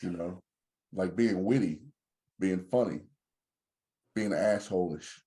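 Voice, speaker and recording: Speaking slowly in a deep voice, a male podcast co-host trades jokes and banter, spinning lively stories.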